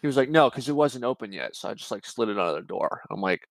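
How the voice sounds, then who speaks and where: A man's voice: lowish voice, sing-song, fast, creaky, hardly any pauses, dry recording. A young man telling a long story in casual podcast chat, rambling and swearing, with many fillers and restarts. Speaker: podcast co-host.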